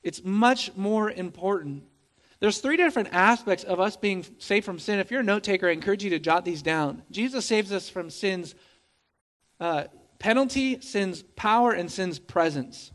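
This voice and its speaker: A man with a notably high voice preaches to his congregation. He keeps it conversational and animated, tossing in wry jokes and stumbling over repeated words as he builds his point. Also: moderate pace. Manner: lively, conversational preaching with humorous asides; emphatic, repeats words as he speaks. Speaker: pastor. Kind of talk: sermon.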